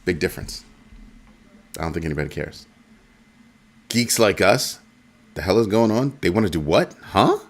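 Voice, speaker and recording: A man hosting a casual crypto commentary show, animated and jokey, repeating his points. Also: low-pitched, moderate pace, pauses often, slightly rough. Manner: animated, repetitive, jokey asides.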